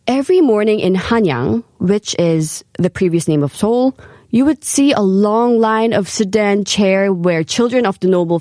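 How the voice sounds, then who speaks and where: A woman hosting a scripted radio segment, reading carefully with lively emphasis. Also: mid-range voice, no echo, studio quality. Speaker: radio host.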